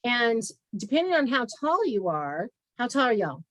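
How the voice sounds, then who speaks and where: A woman's voice: on the high side, moderate pace, no room sound, low-quality recording. A woman guest speaker, a health practitioner, telling her story candidly and acting out conversations on a video call. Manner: candid and animated, acts out conversations. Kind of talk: frank personal storytelling in an interview.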